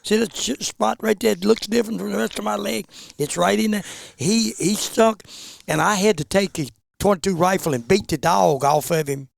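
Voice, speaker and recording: Older man with a gravelly voice, folksy. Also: high-pitched, moderate pace, no echo. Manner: folksy, gets excited showing his scar. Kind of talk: casual storytelling.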